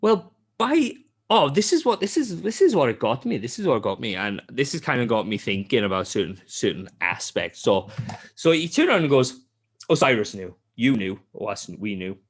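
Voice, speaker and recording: A man's voice: fairly quick, breathy edge. A man hosting a podcast, telling a game's story in casual chat, swearing often and mimicking characters. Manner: animated storytelling, heavy swearing; acts out character lines in a high voice. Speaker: podcast host.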